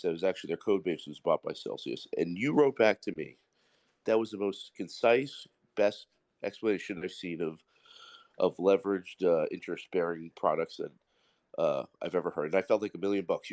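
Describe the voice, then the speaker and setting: A man's voice: low-pitched, darkish tone. A man, calling in to a live audio Q&A and speaking bluntly and at length. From the Bronx, New York. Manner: blunt, rambling and emphatic. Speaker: caller asking a question.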